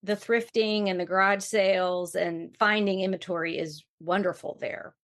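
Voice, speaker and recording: A woman's voice: medium pitch, steady tone, normal speed, a bit bright. A woman hosting a podcast interview, chatty and playful, who laughs easily. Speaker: podcast host. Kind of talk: casual interview chat.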